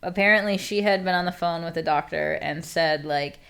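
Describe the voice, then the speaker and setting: A woman's voice: lowish voice, fairly quick, creaky, fairly bright tone, smooth. A woman co-hosting a podcast who tells her own story frankly and wryly, with loose fillers and swearing. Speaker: podcast co-host. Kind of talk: casual storytelling chat.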